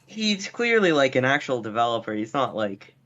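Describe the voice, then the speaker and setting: A man's voice: mid-range voice, big pitch swings, normal speed, sharp tone. Wry Canadian man on dull call audio. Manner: laid-back, wry, filler-heavy. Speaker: podcast guest. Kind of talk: casual podcast chat.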